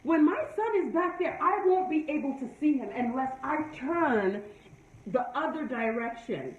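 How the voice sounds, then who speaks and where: A woman's voice: sits high, lively intonation, moderate pace. A woman giving a motivational talk to her live viewers, preachy and emphatic, repeating her points. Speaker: live-stream host. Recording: echoey room, far from mic, dull sound.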